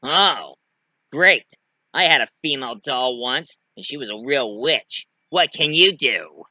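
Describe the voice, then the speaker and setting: A man's voice: medium pitch, animated, a little slow, pushed and bright, no room sound, exaggerated voice, low-quality recording. Chucky, a snarky killer doll, voiced by a man. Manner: taunting, snarky, yelps in pain. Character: wisecracking foul-mouthed male killer doll. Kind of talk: one-man fan voice play.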